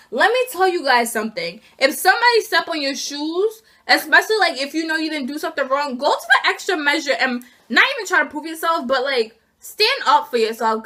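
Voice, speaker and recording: A young woman vlogger telling an indignant, animated story about being fired, acting out each side of the conversation. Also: sits high. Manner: indignant, animated retelling with acted quotes. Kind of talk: casual storytime rant.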